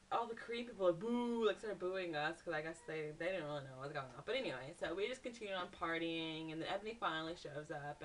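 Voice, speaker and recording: A young woman vlogger telling a story in a casual, animated way, saying "like" a lot. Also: medium pitch, recorded from a distance, a little hiss or hum. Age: young adult. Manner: animated, says "like" a lot, acts out screams in quotes.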